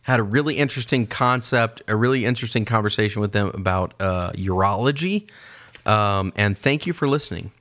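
A man's voice: fairly low pitch, brisk, a bit bright. A man co-hosting a podcast in casual banter, playful and full of mock-solemn joking. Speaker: podcast co-host.

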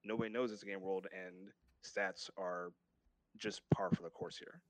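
Deep-voiced man, dry close sound. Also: normal speed, no room sound. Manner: relaxed, rambling with fillers and restarts. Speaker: guest author. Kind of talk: casual interview talk.

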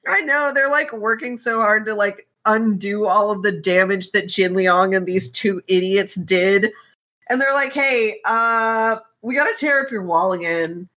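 A woman talking in an animated, chatty way, cussing freely and slipping into quick character voices as she recaps a story. Her voice sits at a middle pitch. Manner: animated, swearing, acting out characters in quick quotes. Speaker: podcast co-host. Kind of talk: casual chat recapping a novel.

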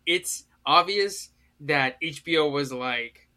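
A young man co-hosting a podcast in loose, meandering chat. His voice is bright and a little high, and he stops and restarts his sentences often as he thinks aloud. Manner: rambling, halting restarts, swearing. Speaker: podcast co-host. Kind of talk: casual chat.

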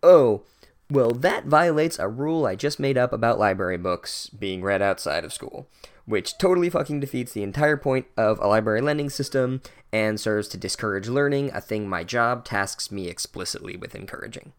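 A man's voice: mid-range voice, expressive, moderate pace, lightly acted. A man mocking a petty, snide teacher. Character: petty sneering male schoolteacher.

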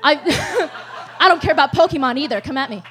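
Woman, high voice, live comic storyteller, swears freely and keeps laughing mid-story. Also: lively intonation, brisk, bright, forceful tone. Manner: rambling, profane, laughs often.

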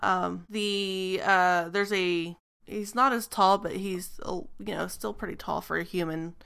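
A woman narrating a tabletop game as game master, describing scenes with frequent pauses and ums. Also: fairly low pitch, steady tone, creaky, a bit bright, clean tone.

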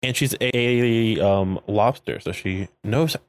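A man's voice: on the low side, slow pace, no room sound. A man co-hosting a podcast in casual chat, recapping a show with jokes, laughing often and acting out characters' lines. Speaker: podcast co-host.

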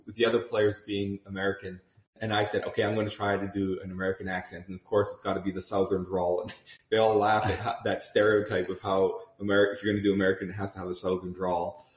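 A man's voice: low voice, level tone, fast talker, reverberant. A man recapping a tabletop game session as game master, chatty, often laughing and restarting his sentences.

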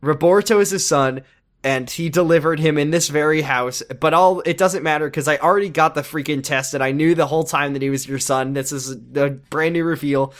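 A man's voice: on the high side, a little fast. A man co-hosting a casual podcast, recapping a TV show with sardonic jokes and casual swearing. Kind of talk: casual chat.

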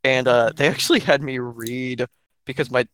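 A man's voice: mid-range voice, moderate pace, clean tone, no echo. Young Atlanta-accented man, blunt and profane, dry close sound, casual podcast talk. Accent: Atlanta Southern US. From Georgia, US. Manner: blunt, profane, animated storytelling. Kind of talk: casual political chat.

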